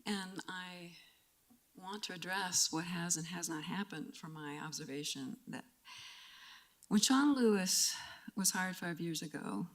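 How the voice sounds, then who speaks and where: Tearful older woman giving public comment. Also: on the low side. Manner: earnest, emotional, halting with restarts. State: tearful, fighting back tears. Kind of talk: public comment at a council meeting.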